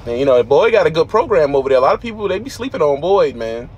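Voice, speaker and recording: A man's voice: fairly high pitch, sing-song, fast talker, darkish tone, dull audio. A man who drives a truck, giving blunt, preachy advice in street slang from his truck cab. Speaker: trucker vlogger.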